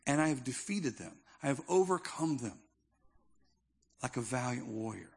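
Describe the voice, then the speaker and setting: A man's voice: mid-range voice, lively intonation, normal speed, gravelly, darkish tone, breathy edge. A male pastor preaching a sermon in a conversational, emphatic style with touches of humor.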